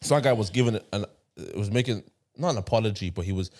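A man in his twenties with an Irish accent, hosting a casual podcast chat, animated and repeating himself as he makes his point. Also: fairly low pitch, fast talker. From Ireland. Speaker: podcast host.

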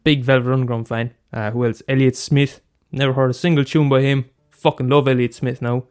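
Medium in pitch, clear and resonant with a darkish tone, this man speaks a little fast and flatly as he hosts a podcast on his own. The talk is a loose, profane ramble full of fillers and restarts.

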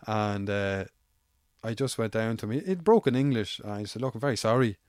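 A man's voice: fairly low pitch, a little fast, a little mellow, smooth, no room sound, studio quality. An Irish man, an amateur MMA fighter, telling stories in casual, rambling, swear-heavy chat. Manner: swears freely, rambling anecdotal.

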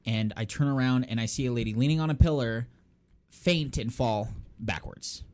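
A young man, a podcast co-host, telling a story in casual chat, animated and laughing as he acts out what people said. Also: medium pitch, normal speed.

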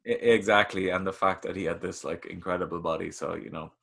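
Brief: man, slightly low voice, jokey and chatty podcast host. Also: fairly even intonation, brisk, creaky, a bit bright. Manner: jokey, chatty, addresses listeners. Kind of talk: casual chat.

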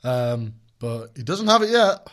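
Young male co-host, rambling and jokey, mid-pitched, easygoing banter. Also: big pitch swings, unhurried, fairly bright tone. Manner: jokey, rambling with many ums and restarts. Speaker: podcast co-host. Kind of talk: casual chat.

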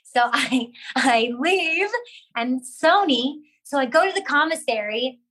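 An actress telling a lively story about her career, acting out other people's lines as she goes. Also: high-pitched, slow, poor audio. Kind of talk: animated storytelling with acted quotes.

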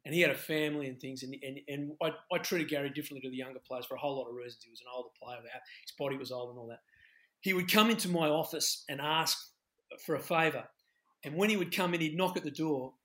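A middle-aged Australian man, a former rugby head coach, talking in a halting, reflective way on a podcast. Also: a little high, bright, forceful tone. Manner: halting, many restarts, reflective. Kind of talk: podcast discussion.

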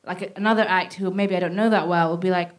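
A woman co-hosting a live comedy podcast in a theatre, wry and quick. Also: on the low side, steady tone. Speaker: podcast co-host.

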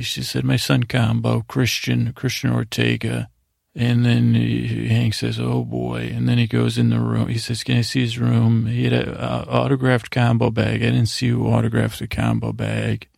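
A man hosting a bedtime podcast, rambling through a TV episode recap in a low-key, filler-heavy way. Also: creaky, no room sound, studio quality. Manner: rambling, monotone retelling with lots of fillers. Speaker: podcast host.

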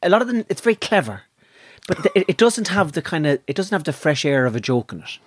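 A man's voice: fairly high pitch, sing-song, fast, husky, dry recording. An Irish man co-hosting a podcast, blunt and sweary, with a dry way of talking. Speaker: podcast co-host. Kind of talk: casual banter.

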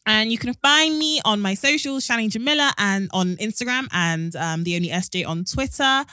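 A woman's voice: medium pitch, expressive, normal speed, bright, forceful tone, clear, resonant tone, dry recording. A young woman co-hosting a podcast, telling stories bluntly and with lots of animation. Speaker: podcast co-host. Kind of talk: casual chat.

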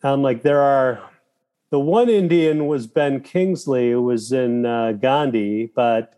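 A man talking as a guest in a casual interview, telling animated stories with profanity and quoting his own thoughts aloud. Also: mid-range voice, slow pace. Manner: animated storytelling with profanity and quoted inner thoughts. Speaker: guest, filmmaker and actor.

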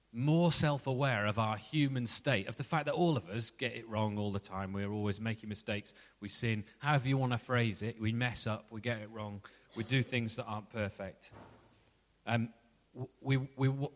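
Conversational preacher in a hall. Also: male voice, mid-range voice. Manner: conversational, asks reflective questions. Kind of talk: sermon.

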